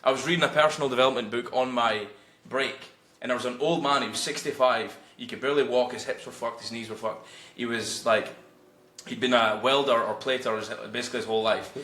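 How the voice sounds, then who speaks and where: A man's voice: mid-range voice, fast. A man in his late twenties, a guest telling blunt, swear-laden stories in casual conversation. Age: late 20s. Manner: blunt, swears freely, animated storytelling. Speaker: guest, freelance copywriter. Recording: roomy echo.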